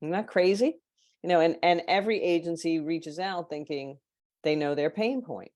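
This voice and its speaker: Low-voiced woman telling lively stories. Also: moderate pace, dry recording. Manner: animated, acts out quoted people. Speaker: podcast guest, marketing consultant. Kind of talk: storytelling in casual chat.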